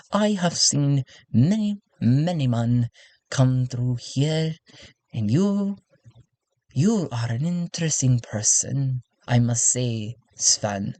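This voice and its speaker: A man voicing a prim, alluring female courtier with an English accent, speaking slowly in a soft, husky voice. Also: medium pitch, lively intonation, no echo. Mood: gracious. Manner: slow, proper, deliberate speech. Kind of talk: solo tabletop role-play.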